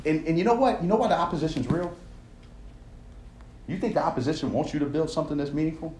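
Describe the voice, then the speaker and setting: A man delivers a sermon in a roomy, echoing church space, his voice sitting a little higher than most men's. He talks loosely and conversationally, tossing in "right?" to check on his listeners. He builds momentum by stacking repeated phrases. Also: quick pace, darkish tone, a little hiss or hum. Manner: conversational, tags lines with "right?". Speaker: preacher. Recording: echoey room sound.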